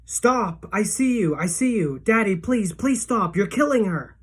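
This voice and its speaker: A woman's voice: low-pitched, normal speed. A woman voicing a desperate teenage boy who screams and pleads in a read-aloud storybook. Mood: screaming, pleading.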